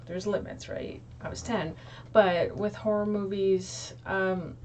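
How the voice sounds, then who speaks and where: Speaking slowly in a steady, darkish medium-pitched voice, a young woman chats casually to her viewers as a YouTube creator, filling her talk with ums and likes. A low, distant mic picks her up in a small room, with slight background noise.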